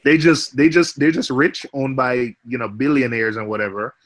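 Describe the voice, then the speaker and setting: A man chatting on a live stream as a guest, relaxed and explaining at length with lots of "you know.". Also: mid-range voice, moderate pace. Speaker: chat guest. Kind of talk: casual live-stream chat.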